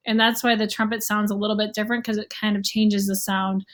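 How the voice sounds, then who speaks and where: A woman's voice: mid-range voice, little pitch movement, quick pace. A young adult woman giving a casual online music lesson, explaining rhythm and scales and sometimes humming or counting beats aloud. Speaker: music teacher.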